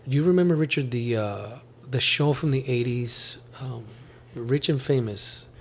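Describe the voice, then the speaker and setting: A man hosting a casual chat at home, talking in an animated, rambling way with many restarts. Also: medium pitch, unhurried. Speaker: podcast host. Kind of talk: casual chat reviewing a TV series.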